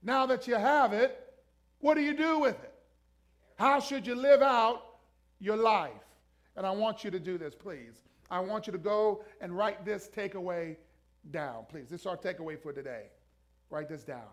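A man's voice: high-pitched, normal speed. A man preaching a sermon as pastor, emphatically urging the congregation to repeat lines after him. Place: church.

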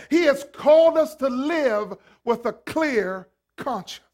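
A man preaching a sermon as a pastor, swinging from hushed lines to shouted ones. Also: very high-pitched, animated, takes it slowly, hardly any pauses.

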